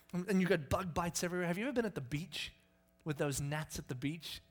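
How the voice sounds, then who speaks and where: Man preacher, fairly high voice, playful, acts out his stories. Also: quick pace. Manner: animated, acts out scenes with sudden yelps. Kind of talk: sermon with lively storytelling.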